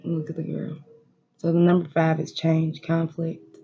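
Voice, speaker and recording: Monotone, unhurried, and creaky, this medium-pitched voice comes through lo-fi sound. A tarot reader doing a card reading in a home room talks right to viewers with emphatic emotion, repeating words of encouragement and swearing without restraint.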